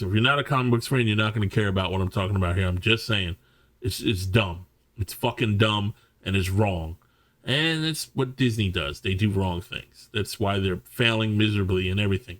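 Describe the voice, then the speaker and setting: A man's voice: medium pitch, normal speed, fairly bright tone. Heated male reviewer, cursing, tripping over his words, casual monologue. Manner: profane, stammering restarts, many fillers. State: angry. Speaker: movie reviewer. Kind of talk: ranting film review monologue.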